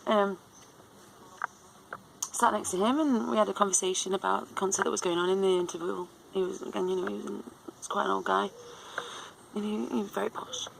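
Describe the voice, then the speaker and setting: A woman's voice: mid-range voice, fairly even intonation, a little fast, creaky, pauses often, slight background noise, poor audio. A woman in her thirties telling a long story in a rambling, casual way, full of fillers and restarts. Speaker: vlogger.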